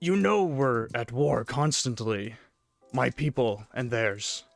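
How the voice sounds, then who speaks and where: A sullen, proud warrior, hurt and defensive, speaks in brooding, curt lines, as a game master puts him on. The voice stays close to an everyday man's at a middle pitch, with faint music behind. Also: takes it slowly, gravelly.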